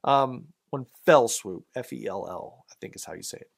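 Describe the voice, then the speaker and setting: A man's voice: lowish voice, expressive, a little fast, creaky, breathy edge. A man with a Southern American accent preaching a sermon as pastor, in a conversational way with many fillers and asides.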